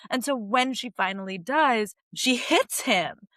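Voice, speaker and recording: A woman's voice: fairly high pitch, animated, measured pace, fairly bright tone, no room sound, studio quality. A young woman co-hosting a podcast, giving a chatty, earnest TV recap with lots of "like" and "you know". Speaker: podcast co-host. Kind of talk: casual TV recap commentary.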